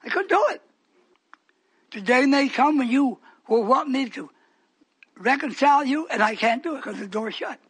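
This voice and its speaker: A male preacher giving a fiery sermon, repeating phrases for emphasis and swinging between shouts and hushed whispers. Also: very high-pitched, expressive, normal speed, long pauses, breathy edge.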